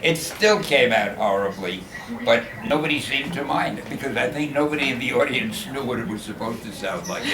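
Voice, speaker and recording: Speaking at normal speed with big swings in pitch, an older man with a mid-range voice jokes at his own expense while answering fan questions as guest of honor. The humorous storytelling happens in a convention event room, recorded with echo and a loud crowd.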